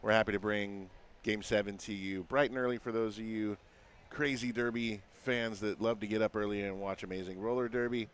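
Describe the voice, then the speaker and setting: A man doing live roller derby commentary from an arena, upbeat, reading lineups with shouted emphasis. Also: on the low side, fairly even intonation, fairly quick, smooth. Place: arena broadcast booth. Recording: crowd noise from the arena. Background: arena crowd.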